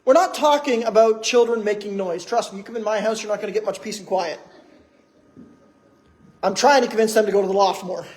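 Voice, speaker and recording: A man's voice: high voice, brisk, darkish tone. A man preaching a sermon in church, conversational, with many rhetorical questions. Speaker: pastor.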